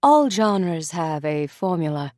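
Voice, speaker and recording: A woman voicing a composed woman novelist who answers calmly and cuttingly. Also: on the low side, slow pace, no room sound, clean studio sound. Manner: calm and cutting.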